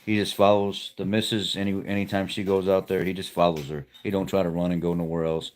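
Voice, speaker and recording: A man's voice: low-pitched, level tone, brisk, a little mellow, slight background noise. A man hosting a livestream from home, telling a rambling, heartfelt story to his viewers in a casual, folksy way. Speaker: livestream host. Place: at home with pets nearby.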